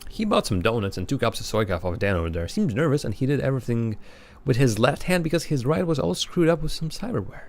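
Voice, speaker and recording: A man's voice: mid-range voice, very animated, quick pace, a little mellow. A man voicing a grizzled, suspicious old homeless man with a put-on Scottish accent. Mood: matter-of-fact. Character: grizzled old male homeless street vet.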